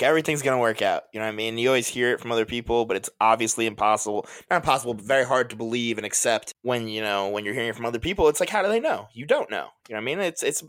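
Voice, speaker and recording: A man in his early twenties chatting casually on a podcast, telling stories in a laid-back way with quick asides. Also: mid-range voice, fairly bright tone, no echo, studio quality. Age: 20s. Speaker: podcast co-host. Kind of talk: casual chat.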